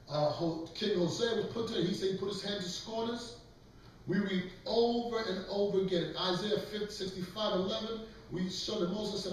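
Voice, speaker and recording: With a voice that sits high, a man lectures emphatically while preaching and leading a scripture class, calling for readings. The recording has slight background noise, an echoey room and a distant mic.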